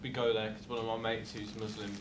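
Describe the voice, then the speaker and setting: Over a noisy background, a young male podcast co-host speaks fast in a fairly low voice. He swears freely and tells stories with animated energy during casual chat.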